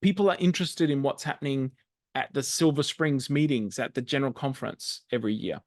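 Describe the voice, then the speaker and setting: Middle-aged Australian man, conversational webinar presenter, mid-pitched, dry video-call sound. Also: brisk, dry recording. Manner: conversational, with frequent ums and restarts. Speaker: church magazine editor presenting a webinar.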